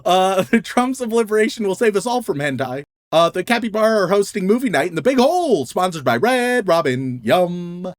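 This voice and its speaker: A man's voice: high-pitched, big pitch swings, moderate pace, hardly any pauses, dry recording, studio quality. A young man co-hosting a podcast, reading out a list of names in a casual, laughing, stumbling way. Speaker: podcast co-host.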